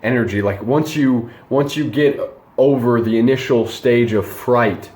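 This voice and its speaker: A man's voice: medium pitch, unhurried, darkish tone, roomy sound. A young man casually telling a night-out story and giving dating advice, rambling and slangy, full of fillers and restarts.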